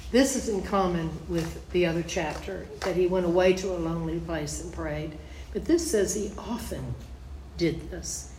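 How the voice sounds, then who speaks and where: Woman reading bible verses then explaining them, kinda low voice, roomy echo. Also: moderate pace, a little mellow, a little hiss or hum. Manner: reads scripture aloud, then explains it in plain conversational asides. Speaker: Bible teacher. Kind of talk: Bible study teaching. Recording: echoey room.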